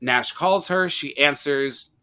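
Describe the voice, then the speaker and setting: A man's voice: a little high, slow, clean tone. A man hosting a casual podcast, talking through a horror film and acting out its lines. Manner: animated storyteller, acts out quotes. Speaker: podcast host. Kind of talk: casual horror movie discussion.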